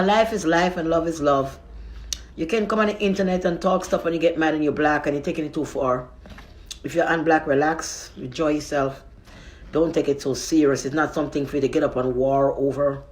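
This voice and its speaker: A woman, speaking into a phone on a live stream. She rambles softly, moving between prayer and warm reassurance. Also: sits low. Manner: soft, rambling, affectionate reassurance.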